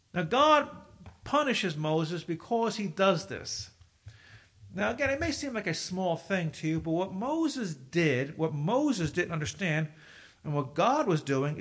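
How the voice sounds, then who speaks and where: A high-voiced man preaching from the pulpit. He reads scripture aloud in old-fashioned wording and swings between loud, emphatic rises and quiet, hushed asides. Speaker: pastor. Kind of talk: sermon.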